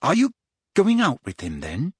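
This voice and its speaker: A man's voice: mid-range voice, very animated, moderate pace, breathy edge, no room sound, studio quality. A man voicing an eager, gossipy teenage schoolgirl in a storybook reading.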